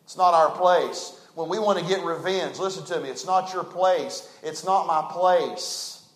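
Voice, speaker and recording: A man preaching a sermon, folksy and emphatic, swinging from loud to hushed. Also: on the high side, a little slow, echoey room.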